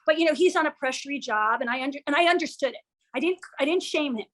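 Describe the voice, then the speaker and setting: A woman's voice: high-pitched, fast, a bit bright. A woman speaking as an interview guest, a matchmaker and TV producer. She tells stories candidly, acts out quoted lines and swears freely.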